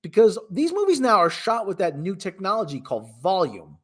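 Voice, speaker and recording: High, animated sarcastic man. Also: fairly quick, breathy edge. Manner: sarcastic, rambling, wisecracking. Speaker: host. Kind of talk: casual movie review commentary.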